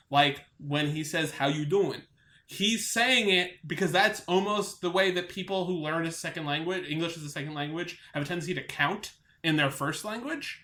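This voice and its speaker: Bright-voiced man in an echoey room. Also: sits high. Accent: light New York. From Long Island, New York. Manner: rambling, enthusiastic, many restarts. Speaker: podcast co-host. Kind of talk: casual chat.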